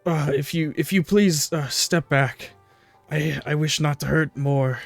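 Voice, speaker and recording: A man voicing an old, cursed male minotaur who sobs and pleads in halting, broken phrases. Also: on the high side, fairly even intonation, soft background music. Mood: sorrowful pleading.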